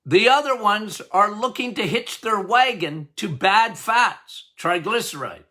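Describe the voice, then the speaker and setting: This doctor's health podcast features a man with a high-pitched, bright, forceful voice and lively intonation, speaking unhurriedly. He is emphatic and repetitive, hitting key words again and again and laughing at his own jokes.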